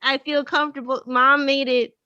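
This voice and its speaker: A woman's voice: high-pitched, flat delivery, normal speed, sharp tone, no echo, lo-fi sound. A woman co-hosting a podcast, talking casually and growing tearful as she laughs through an emotional apology. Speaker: podcast co-host. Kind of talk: casual chat.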